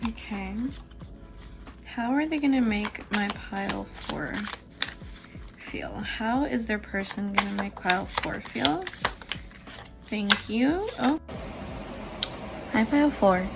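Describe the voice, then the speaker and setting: A woman giving a casual, chatty tarot reading, lively and quick to laugh, with some swearing. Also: mid-range voice, gravelly, loud music behind the voice. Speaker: tarot reader.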